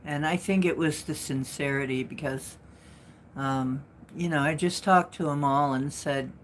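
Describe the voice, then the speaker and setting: A woman hosts a live stream and talks slowly and casually to her viewers. She rambles and restarts, tacking asides onto her story. Her voice sits on the low side, and she takes her time. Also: slight background noise. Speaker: livestream host and spiritual speaker.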